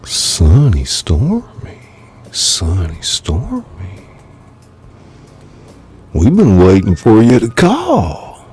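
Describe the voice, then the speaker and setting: A man's voice: on the low side, wildly swooping pitch, drawn-out words, long pauses, darkish tone, husky, voice pushed up, full character voice. A man voicing a serious young dockworker, speaking plainly and dryly. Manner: serious, dry. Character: grounded young dockworker, the hero.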